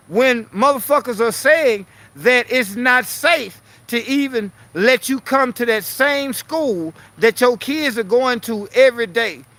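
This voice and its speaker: A man's voice: very high voice, pushed and bright, no echo. A man ranting bluntly and profanely as a political commentary vlogger, repeating himself to press his point.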